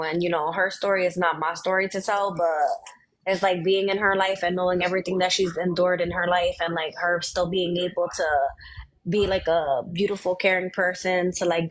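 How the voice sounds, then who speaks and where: A woman in a casual group podcast chat, speaking in a soft, heartfelt way and using lots of "like". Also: fairly low pitch, rough recording. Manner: soft, heartfelt, many fillers of "like". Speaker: podcast guest.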